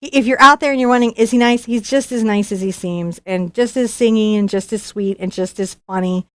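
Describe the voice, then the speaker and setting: A woman's voice: mid-range voice, fairly quick, smooth, dry recording, clean studio sound. A woman artist hosting a live unboxing stream, chatty and bubbly, often restarting her sentences. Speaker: professional artist and channel host.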